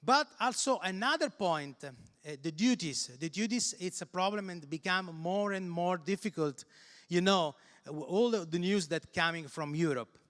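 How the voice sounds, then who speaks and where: Italian man, non-native English, conference speaker; high voice, stop-start delivery, echoing hall. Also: a bit bright. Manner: halting, repeats words while searching for English phrasing. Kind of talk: conference presentation. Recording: reverberant hall.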